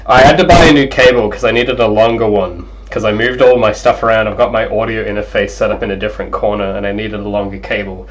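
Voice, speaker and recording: Young man, casual livestream chat, excitable, apologetic, cheap headset mic. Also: on the low side, quick pace, few pauses, lo-fi sound. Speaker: game developer streamer. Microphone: cheap gaming headset mic.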